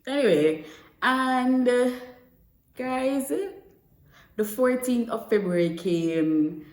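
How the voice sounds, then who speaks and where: A young Jamaican-accented vlogger chats to the camera about a personal story, slipping between English and Patois. Her voice is a little high, a little mellow, and animated yet slow, recorded in an echoey room.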